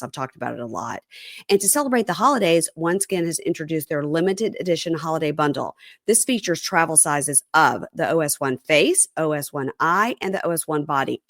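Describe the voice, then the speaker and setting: A woman's voice: low voice, no room sound, studio quality. A woman hosting a casual reality TV podcast, reading an ad and chatting playfully to listeners. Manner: chatty, playful, addresses listeners as "you guys". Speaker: podcast host. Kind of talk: casual reality TV podcast chat and host-read ad.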